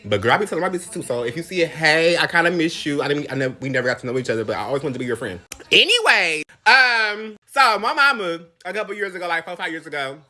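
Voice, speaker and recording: A woman's voice: low-pitched, sing-song, fast talker, bright, forceful tone. A young woman telling gossip about a former neighbor in a casual storytime.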